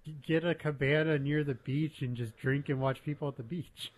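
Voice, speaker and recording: A man's voice: fairly high pitch, steady tone, moderate pace. A married man co-hosting a podcast, chatting and asking curious questions about a TV episode. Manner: chatty, curious, often laughs. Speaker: podcast co-host. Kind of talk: casual chat recapping a TV episode.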